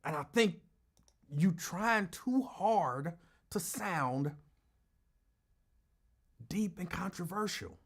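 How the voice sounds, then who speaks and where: A man's voice: high voice, expressive, extremely slow, long pauses. A man hosting a call-in talk show, giving casual commentary in an emphatic, argumentative way and repeating his points for effect.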